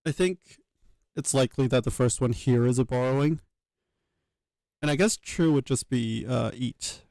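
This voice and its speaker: A man's voice: medium pitch, moderate pace, a little mellow, dry recording. A man thinking aloud as he works, hesitant, with many fillers and self-corrections. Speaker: channel host working through a reconstruction. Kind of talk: thinking aloud while working.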